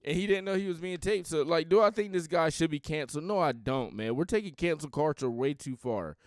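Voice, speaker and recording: A man's voice: a little high, expressive, brisk, no room sound, studio quality. A man hosting a podcast, talking bluntly in a rambling, opinionated casual monologue. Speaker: podcast host.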